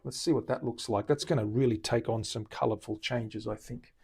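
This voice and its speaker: This Australian-accented luthier has a gravelly, mid-range voice with a breathy edge and a brisk pace. Hosting a casual live-stream from his guitar workshop, he chats easily and explains as he works.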